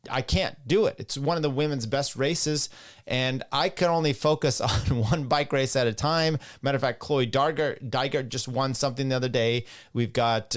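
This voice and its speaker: A middle-aged man hosting a cycling podcast, rambling bluntly in casual solo commentary and reading listener comments aloud. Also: mid-range voice.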